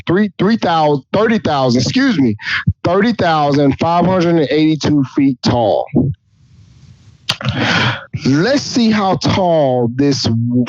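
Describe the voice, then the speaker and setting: A man's voice: fairly high pitch, a little mellow, no echo, dull audio. A man hosting a podcast, reading scripture aloud and mocking it crudely, often stumbling and correcting himself. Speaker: podcast host. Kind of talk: comic Bible reading with commentary.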